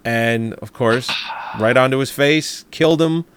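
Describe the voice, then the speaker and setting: A man's voice: medium pitch, unhurried, slight background noise. A man in casual chat retelling film scenes in a laid-back way. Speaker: podcast co-host.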